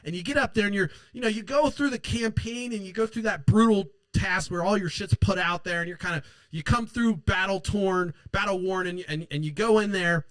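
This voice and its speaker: A man's voice: high-pitched, a little fast, few pauses, a bit bright, no echo, rough recording. Heated, profane man ranting. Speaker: host. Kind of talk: ranting political commentary.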